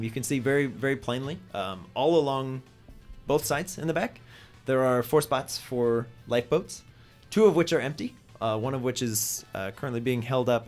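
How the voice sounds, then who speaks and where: A man narrating as game master of a tabletop game, loose and full of fillers, breaking into shouted voices for characters. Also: mid-range voice.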